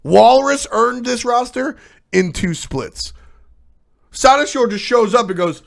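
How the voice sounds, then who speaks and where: Hosting a laid-back esports talk show on livestream, this man speaks at a normal speed in a high, creaky voice. His delivery is animated and blunt, full of swearing as he riffs with chat and fields their questions.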